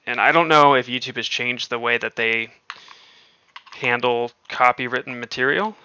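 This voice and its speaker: A man's voice: mid-range voice, moderate pace, bright, forceful tone, clear, resonant tone, dry recording, highs cut off. A man hosting a casual livestream, chatting offhandedly with viewers and swearing freely. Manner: profane, offhand, talks to chat. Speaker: livestream host.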